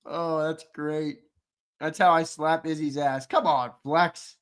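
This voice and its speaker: A man's voice: fairly high pitch, fairly even intonation, slow pace, clear, resonant tone. A man hosting a sports live stream, bantering casually, laughing often and reading viewer comments aloud. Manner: laughing, playful, reads chat aloud. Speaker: podcast host.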